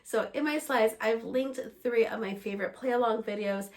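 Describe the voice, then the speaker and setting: A woman music teacher walking other teachers through a lesson plan in an explanatory, steady way, slightly under the weather. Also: on the high side, normal speed. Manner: explanatory, steady, breaks into short sung examples.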